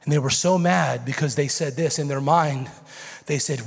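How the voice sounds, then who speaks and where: An American pastor in his forties preaching a sermon, swinging from shouted intensity to a hushed near-whisper. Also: a little high, moderate pace, creaky, breathy edge. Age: 40s. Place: church sanctuary. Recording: reverberant church sanctuary.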